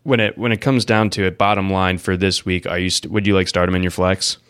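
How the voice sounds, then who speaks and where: A man with a very deep, smooth, resonant voice hosts in relaxed sports chat. He steers the talk with short questions and easy fillers, and the sound is dry and close. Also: brisk, no echo. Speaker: fantasy football podcast host.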